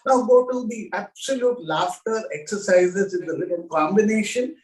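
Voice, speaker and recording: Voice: medium pitch, normal speed, a little mellow. A laughter yoga leader, guiding a group through exercises with chants and frequent hearty laughter. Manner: playful, breaks into hearty laughter and call-and-response chants. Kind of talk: guided group exercise instruction. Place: online session, home room. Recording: roomy sound from far off the mic.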